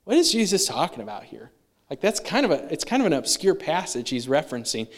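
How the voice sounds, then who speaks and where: A man's voice: on the high side, big pitch swings, quick pace. A man preaching a sermon in a conversational way, acting out the voices he quotes. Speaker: pastor.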